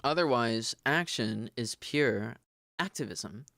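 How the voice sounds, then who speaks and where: Male streamer, slow halting read-aloud on a desk mic, smooth clear tone, dry close sound, casual and profane. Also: medium pitch, expressive, bright, forceful tone, no room sound. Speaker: streamer reading a book aloud. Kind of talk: casual live-stream reading.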